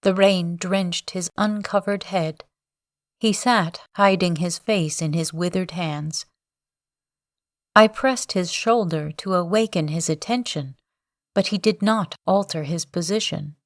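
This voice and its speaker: A woman narrating a classic novel as a calm, measured sleep story. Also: fairly low pitch, no room sound, clean studio sound. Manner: slow, calm, measured reading. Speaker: audiobook reader.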